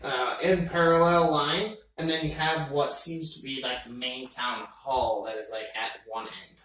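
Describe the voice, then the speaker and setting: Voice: mid-range voice, fairly even intonation, unhurried, a bit bright, heavy reverb, distant mic, rough recording. A game master narrating a tabletop game with loose, rambling descriptions full of fillers.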